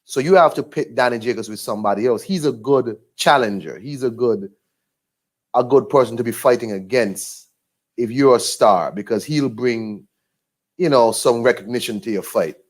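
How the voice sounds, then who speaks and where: A man's voice: mid-range voice, normal speed. A man talking casually in a rambling, laid-back way with many fillers and restarts. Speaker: boxing vlogger. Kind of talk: casual monologue.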